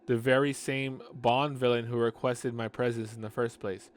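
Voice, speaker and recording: A man's voice: medium pitch, flat delivery, normal speed. A man reading a novel aloud, breaking off for sarcastic asides about the writing. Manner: sarcastic asides, frequent restarts. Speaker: audiobook reader and commentator. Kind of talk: casual reading with commentary.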